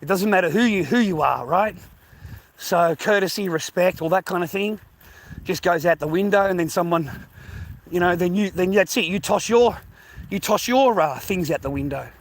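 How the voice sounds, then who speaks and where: A man from the United States talking casually to viewers while out walking, rambling, swearing often and repeating himself, sometimes dropping into hushed asides. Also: sits high, normal speed. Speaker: vlogger.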